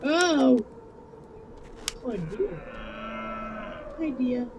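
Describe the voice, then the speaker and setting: A woman chats through a live game stream in an unhurried way, breaking into nervous, jumpy outbursts. Her talk is slow and casual. A clear layer of noise runs behind her voice. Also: mid-range voice.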